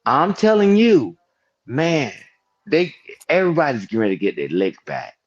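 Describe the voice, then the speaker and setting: Older man, emphatic panelist, animated delivery, lo-fi stream sound. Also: on the high side, normal speed, soft background music. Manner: emphatic, repeats "I'm telling you", preachy. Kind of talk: heated panel discussion.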